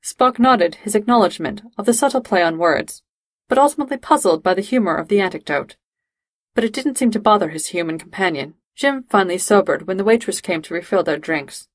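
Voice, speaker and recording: A woman reading fan fiction aloud in a steady, measured storytelling voice. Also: medium pitch, no room sound. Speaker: reader.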